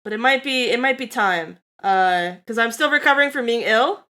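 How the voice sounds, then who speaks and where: Giggly woman streamer, high voice, rambly chat, kinda tickly throat. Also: lively intonation, moderate pace. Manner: giggly, rambling, bursts into loud laughter. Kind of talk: casual live-stream chat.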